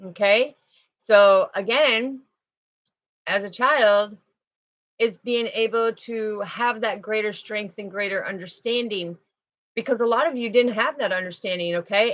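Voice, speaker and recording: A woman giving a live oracle card reading, talking in a slow, meandering, chatty way and addressing her viewers directly. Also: mid-range voice, fairly bright tone, low-quality recording. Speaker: spiritual card reader.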